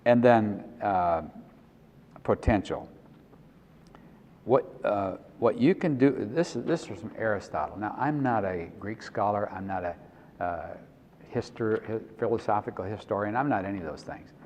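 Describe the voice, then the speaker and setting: A man's voice: fairly low pitch, animated, moderate pace, darkish tone, slight background noise. A middle-aged man giving a conversational Christian conference talk, acting out prayers and dialogues, often restarting his phrases. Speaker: Christian speaker and consultant. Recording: dull recording with long hall reverb.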